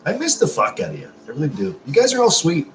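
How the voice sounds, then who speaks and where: A man on a casual live stream, his pitch swinging widely as he rambles in an effusive, profane way. He is drinking beer between comments, and his voice rings in an echoey room. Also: huge pitch swings, fast talker. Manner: drinking beer while talking.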